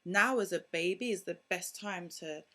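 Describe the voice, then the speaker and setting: A young woman, a mother vlogging to camera in casual, outspoken and animated talk. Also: lowish voice, moderate pace. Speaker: parenting vlogger.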